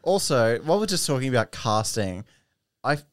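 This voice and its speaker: A man's voice: mid-range voice, big pitch swings, moderate pace, clean tone, dry recording. A man co-hosting a casual film podcast, opinionated with dry asides. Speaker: podcast co-host.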